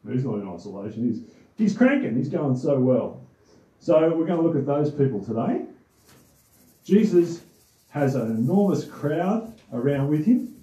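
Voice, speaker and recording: A man's voice: a little high, big pitch swings, moderate pace, mellow. A man with an Australian accent hosting a casual children's Bible talk, easygoing and rambling with frequent restarts. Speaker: host and Bible teacher. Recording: roomy echo, distant mic.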